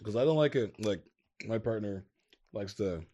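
A woman's voice: a bass voice, lively intonation, moderate pace, warm tone. A woman chatting casually on a podcast, laid-back and agreeable. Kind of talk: casual chat.

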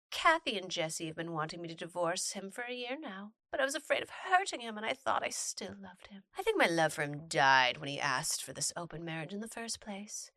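A woman reading a personal post aloud and breaking in with playful, animated commentary. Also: lowish voice, dry recording, studio quality. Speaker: storytime narrator reading posts.

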